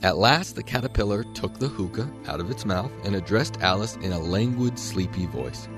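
A man narrating a storybook reading aloud in an expressive, dramatic way. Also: on the low side, normal speed, over music.

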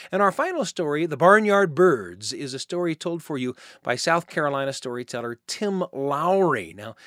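A man's voice: mid-range voice, a bit bright, no echo. Guy hosting a story show, voice bounces around, dry close mic. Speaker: podcast host. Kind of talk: introducing a story.

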